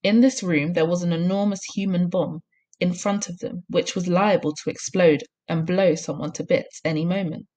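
Woman, primary teacher, recorded lesson, encouraging, husky, lowish voice. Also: fairly even intonation, moderate pace, a little mellow. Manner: clear, encouraging instructions.

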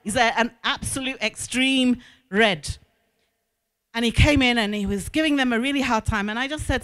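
A woman school consultant giving a talk to school staff in a conference hall, telling stories with lively, emphatic repetition. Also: on the high side, normal speed.

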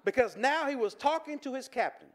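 High-voiced preacher. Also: male voice, expressive, fairly quick. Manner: conversational, with stammered restarts and chuckles, shifting from joking to earnest. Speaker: pastor. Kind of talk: sermon.

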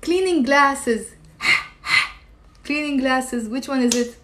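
Woman, language teacher, live-stream lesson, chatty, quizzing viewers, slightly high voice. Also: unhurried, heavy background noise. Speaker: Arabic teacher.

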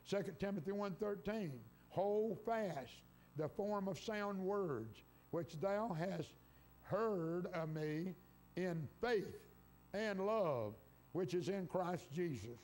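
A man's voice: sits high, expressive, slow, a little mellow, slight background noise. A man preaching a sermon in church, quoting scripture and rising to fervent exclamations, his voice congested from an illness. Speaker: pastor. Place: church sanctuary.

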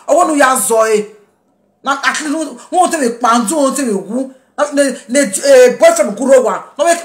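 A woman's voice: on the high side, fairly bright tone, echoey room. A woman, angrily ranting at critics on social media, mixing pidgin English with a local language. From Nigeria. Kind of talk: angry rant to followers.

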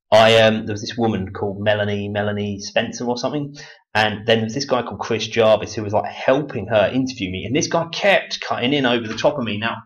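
Low, mocking man from England. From Chatham, Kent, England. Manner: rambling, mocking, swears freely, laughs often. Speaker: video blogger. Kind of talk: casual monologue to camera. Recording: dull lo-fi audio.

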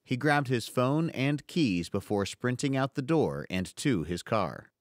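A man narrating an audiobook in an expressive storytelling manner. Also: mid-range voice, unhurried, dry recording, studio quality.

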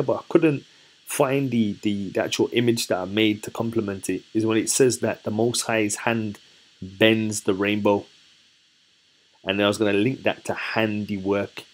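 A man leading a casual Bible study, chatty and relaxed, who asks his listeners questions and then answers them himself. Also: fairly low pitch. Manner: relaxed, chatty and self-correcting. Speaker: scripture teacher.

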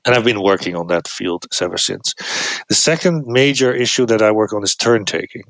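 A man talking as a podcast guest, explaining his research in a lively way, with frequent restarts and raised pitch when he acts out examples. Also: brisk, no room sound. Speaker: podcast guest, cognitive scientist. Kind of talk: explanatory interview talk.

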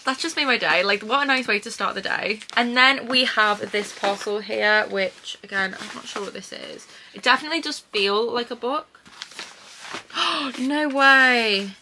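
Young woman unboxing books on her vlog, bright voice, gushy and excitable, says like a lot. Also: mid-range voice, slight background noise. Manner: excitable, gushing, lots of "like" and "oh my god". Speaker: book vlogger. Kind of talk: casual vlog chat.

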